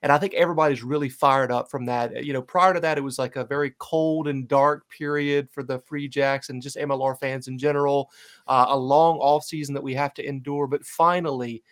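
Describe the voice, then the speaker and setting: Here the fan-podcast host speaks at a medium pitch, fairly fast and with fairly even intonation. He keeps the casual show chat upbeat and hyped, stumbling through plenty of fillers and restarts.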